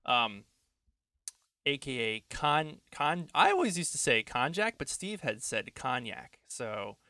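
A man co-hosting a casual podcast chat from home, rambling, self-deprecating, and quick to laugh. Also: a little high, big pitch swings, sharp tone, no room sound. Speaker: podcast co-host.

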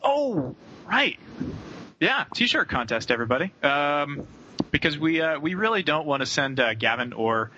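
A man's voice: on the high side, big pitch swings, a little slow. A man hosting a casual gaming podcast, joking and laughing easily. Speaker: podcast host. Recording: slightly dull with faint noise.

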